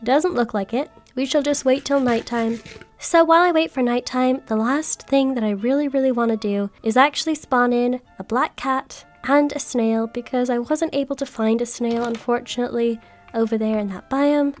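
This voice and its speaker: A woman giving chatty, excitable gameplay commentary, often squealing when startled. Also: fairly high pitch, moderate pace, faint music behind. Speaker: gaming video creator.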